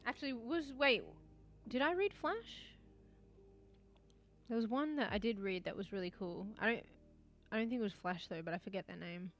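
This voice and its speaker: A woman's voice: medium pitch, moderate pace. A woman streaming live, chatting casually with viewers while eating, swearing often. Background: faint music.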